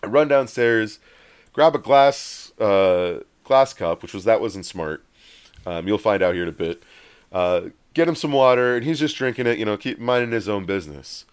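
A man telling a long story in casual chat, rambling and animated, often acting out what others said. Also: lowish voice, normal speed, clean tone. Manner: rambling, animated, acts out quoted voices.

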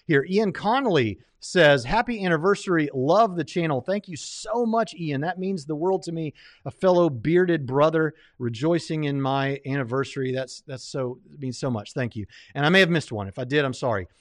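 A man hosting a livestream comments casually on a debate he is reviewing, rambling with lots of fillers and restarts. His voice is fairly high with lively intonation at a normal speed, recorded at studio quality with no echo.

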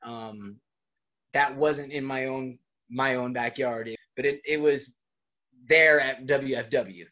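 A man's voice: medium pitch, fairly even intonation, slow pace, bright, forceful tone. A man as a wrestler guest in an interview, telling rambling stories in a casual way and laughing often between them. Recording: dull lo-fi recording.

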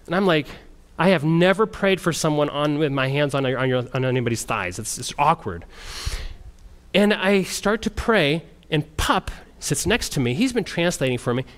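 Missionary man, animated storyteller, high and very expressive voice. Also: moderate pace. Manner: animated storyteller, frequent restarts. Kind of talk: storytelling testimony talk.

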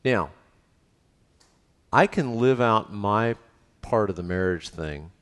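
A low-voiced man leads a sermon as pastor, chatty and animated, keeping the congregation in the conversation. His voice carries a long reverb from the church hall around him. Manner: lively, conversational preaching with frequent "right?" asides.

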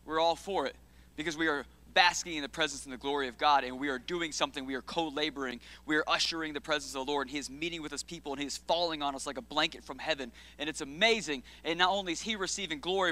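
A young man preaching a sermon as pastor, energetic and joking, calling out to his congregation for responses. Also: on the high side, fast talker. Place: church sanctuary.

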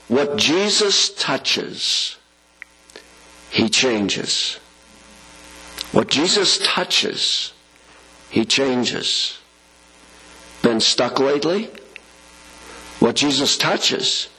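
A man's voice: medium pitch, fairly bright tone, husky, poor audio. A middle-aged man preaching a sermon, talking conversationally and asking his congregation rhetorical questions, with his voice rising for emphasis. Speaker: pastor.

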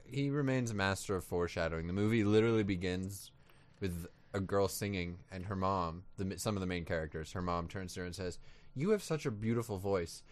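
A man's voice: low voice, steady tone, a little fast. A young man co-hosting a podcast, making dry, sardonic remarks about a movie. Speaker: podcast co-host. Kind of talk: casual movie review chat.

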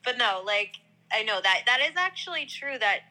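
A young woman talks in a loose, rambling way, packing her sentences with filler words. Her voice is very bright and has an edge to it. She sounds like she is chatting with a friend. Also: a little high, big pitch swings, moderate pace, rough recording. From New York area. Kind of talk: casual chat.

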